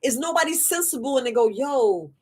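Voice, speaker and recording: A woman hosts a casual livestream as an herbalist. She talks in an animated, chatty way, restarting her phrases and throwing asides to her viewers. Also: a little high, moderate pace. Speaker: herbalist host. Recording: phone on a livestream.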